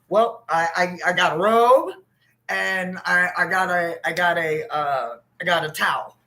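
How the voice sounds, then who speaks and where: A woman's voice: on the low side, measured pace, a bit bright, rough recording. A woman hosting a live stream, telling stories in casual, profane chat and laughing often.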